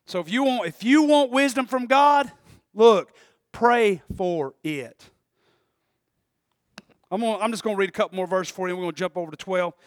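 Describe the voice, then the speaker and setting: Male preacher with a very high voice, shouting and dropping to a murmur, dry sound. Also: normal speed, pauses often, no echo. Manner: animated, swinging from loud shouts to low murmurs. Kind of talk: sermon.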